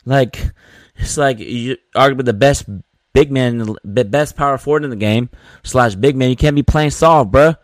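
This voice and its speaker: A man hosts his own sports podcast, casually venting his frustration in slang and repeating words a lot. His voice is medium-pitched at a normal speed, and the recording is dry.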